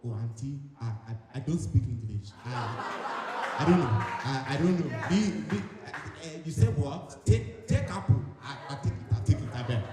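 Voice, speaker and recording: A man's voice: medium pitch, expressive, a little slow, heavy background noise, pitched below the performer's own voice, lightly acted. Stammering African-accented shopper, feigned confusion, as a man puts it on; reverberant hall.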